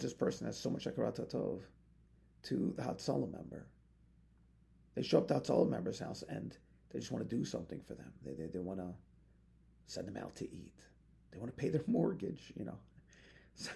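A man's voice: medium pitch, gravelly, mellow. A man, a rabbi, teaching a Torah lesson with passion, weaving Hebrew phrases into his English and building to emphatic peaks.

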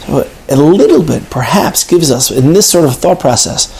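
A man's voice: fairly high pitch, lively intonation, moderate pace, vocal fry, a little mellow, poor audio. A man giving a Torah class as a rabbi, earnest, often restarting his words. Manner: earnest, with frequent stammered restarts.

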